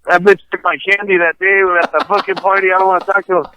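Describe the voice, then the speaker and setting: A man in a casual podcast chat, joking loudly and swearing a lot. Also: high-pitched, little pitch movement, quick pace, slight background noise, low-quality recording. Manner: profane, joking, exaggerated.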